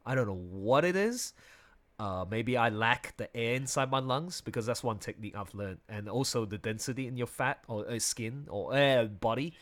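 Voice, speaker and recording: A young man recounts a mishap to friends in a relaxed, conversational way. His voice sits at an ordinary middle pitch, and he laughs easily, restarting sentences as the story tumbles out. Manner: animated, laughs often, quick restarts.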